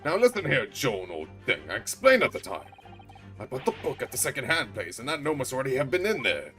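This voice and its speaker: A man's voice: medium pitch, huge pitch swings, brisk, fairly bright tone, soft background music. A man voicing a fussy, indignant middle-aged landlord in a put-on British accent with old-fashioned phrasing. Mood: pleading.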